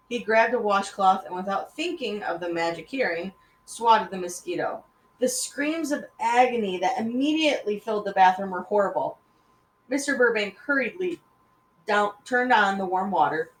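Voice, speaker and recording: A woman reading a children's story aloud, expressive, addressing young listeners. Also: mid-range voice. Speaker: reader. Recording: roomy echoey room, faint background noise.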